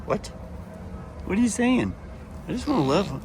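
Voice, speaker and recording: A man's voice: high-pitched, big pitch swings, normal speed, background noise. Man teasing his farm animals. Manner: affectionate, teasing talk to animals. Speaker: host. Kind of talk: casual farm vlog. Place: outdoors on a farm.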